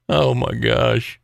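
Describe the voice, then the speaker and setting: A man's voice: medium pitch, creaky, no room sound, clean studio sound. A man from the South, hosting an opinionated commentary show in a sarcastic, mocking way and laughing between points. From American South.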